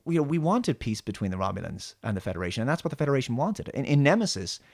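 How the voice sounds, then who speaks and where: A man's voice: medium pitch, very animated, fast talker, vocal fry, darkish tone, no echo, studio quality. A man hosting a solo show, rambling through a sarcastic, mocking commentary rant. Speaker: host.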